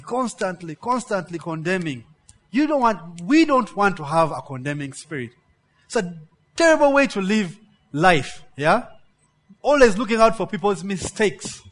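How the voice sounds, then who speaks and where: High-voiced man preaching with emphatic repetition. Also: a bit bright. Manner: preaches with frequent rhetorical "yeah?" check-ins to the congregation; emphatic, repeats words for stress. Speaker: pastor. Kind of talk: sermon.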